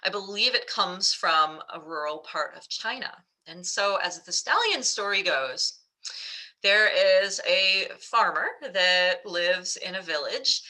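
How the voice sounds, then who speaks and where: A woman's voice: lowish voice, expressive, slow pace, sharp tone, low-quality recording. A woman coach presenting a webinar, telling a story in a chatty way with fillers. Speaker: mental fitness coach.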